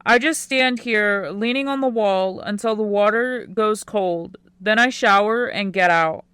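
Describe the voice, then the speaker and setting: A woman narrating a first-person teen romance audiobook in a quiet, unhurried way. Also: mid-range voice, clean tone, dry recording, clean studio sound.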